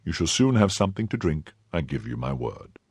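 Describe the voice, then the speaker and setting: A man's voice: very deep voice, very animated, fairly quick, creaky, darkish tone, breathy edge, no room sound, studio quality, pitched below the performer's own voice, full character voice. A man voicing a bold, cool-headed young swordsman who speaks firmly, in an audiobook. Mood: commanding.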